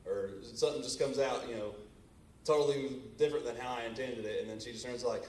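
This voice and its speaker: A man's voice: mid-range voice, steady tone, fast, darkish tone, a little hiss or hum. A man in a casual church class discussion, telling everyday stories and acting out the exchanges. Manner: storytelling, acts out quoted exchanges. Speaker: class member, works at a bank office. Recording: echoey room, distant mic.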